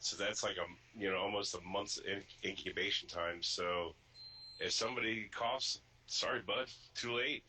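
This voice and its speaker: A man with a very low voice and a sharp, forceful tone. He is a trucker who sits in on a casual podcast chat and reasons through his points deliberately. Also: fairly even intonation, slight background noise, low-quality recording. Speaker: truck driver and podcast regular.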